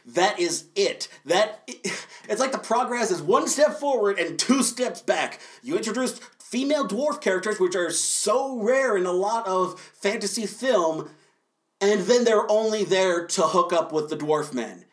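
A man's voice: sits high, expressive. Sarcastic man ranting about a movie. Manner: sarcastic, acts out quick mock dialogue. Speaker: podcast host, film reviewer. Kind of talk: casual review monologue.

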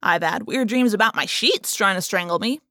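A woman's voice: medium pitch, moderate pace, pushed and bright, dry recording, clean studio sound. A woman voicing a wisecracking, defensive teenage boy in a storybook reading. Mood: joking. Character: joking, defensive teen boy.

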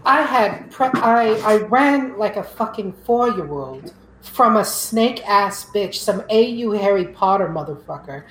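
A woman's voice: medium pitch, animated, unhurried, roomy sound, a little hiss or hum, lightly acted, low-quality recording. A woman voicing a brash, foul-mouthed female adventurer full of crude, rattled bravado.

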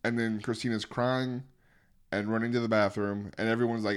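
A man's voice: fairly low pitch, flat delivery, clear, resonant tone. A man co-hosting a podcast, recapping episodes in casual chat with mocking asides. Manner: recaps at length, mocking, quick joking asides. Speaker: podcast co-host.

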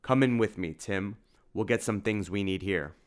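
A man's voice: lowish voice, moderate pace, natural voice. A man doing a formal heroic vampire hunter. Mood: urgent. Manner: formal, old-fashioned. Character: noble male vampire hunter hero, urgent and formal.

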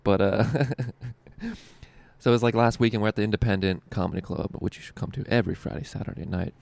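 Gravelly young man rambling through a story. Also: lowish voice, a little fast, darkish tone, dry recording. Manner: rambling, profane, full of "like" and laughs. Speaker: stand-up comedian and show co-host. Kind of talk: casual storytelling.

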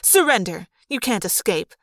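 A woman voicing a tense middle-aged woman commander who snaps orders and forces herself to sound calm. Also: mid-range voice, moderate pace, noisy background, natural voice. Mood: forced calm. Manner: clipped and commanding.

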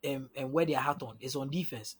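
This man is a podcast guest analyst on a laid-back sports show, going over basketball matchups and building his numbers one step at a time while repeatedly checking "you understand?" He speaks fairly quickly in a mid-range, slightly rough voice.

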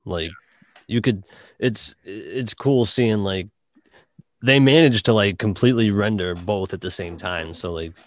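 A man with a Boston accent chatting casually about a game, halting with many restarts and fillers. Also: fairly low pitch, dry recording, clean studio sound. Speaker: podcast guest reviewing a game. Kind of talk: casual chat.

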